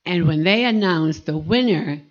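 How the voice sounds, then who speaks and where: An older woman from Pennsylvania telling a personal story from her life, vivid and animated. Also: lowish voice, a little slow, dull audio. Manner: vivid, animated recollection with acted-out quotes.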